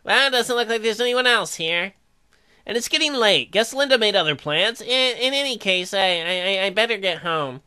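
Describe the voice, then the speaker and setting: A woman in a let's-play, reading the game's narration aloud and cracking crude jokes in between. Her voice is bright, at a middle pitch, and her delivery is mostly deadpan. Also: moderate pace, clear, resonant tone. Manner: deadpan narration broken by crude joking outbursts. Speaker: co-host reading a dating sim. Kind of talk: reading game narration with joking asides.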